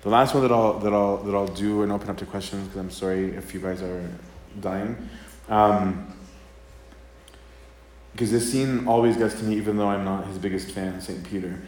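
A man's voice: fairly low pitch, steady tone, normal speed, darkish tone. A male priest giving a casual, conversational sermon talk. He acts out quoted dialogue and keeps checking in with "right?". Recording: roomy live talk with faint ambience.

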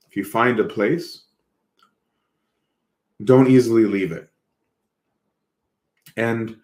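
A man's voice: lowish voice, darkish tone, reverberant. A man giving an earnest, reflective sermon, repeating words as he goes. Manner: earnest, reflective, slow with repetitions. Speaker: preacher.

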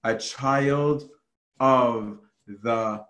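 Animated priest teaching in an echoey room. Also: male voice, medium pitch, extremely slow. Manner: animated, conversational, with many fillers and restarts. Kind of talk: scripture study talk.

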